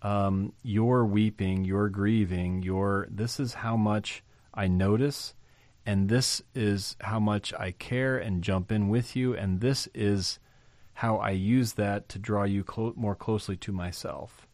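A man preaching a sermon, asking rhetorical questions and swinging between loud emphasis and soft, slow stretches. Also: on the low side, steady tone, no room sound.

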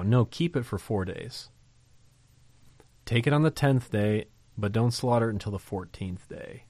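Pastor, male, lower voice, dry close sound; preaches conversationally with emphasis, asks the congregation questions. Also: measured pace, a little mellow, no room sound. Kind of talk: sermon.

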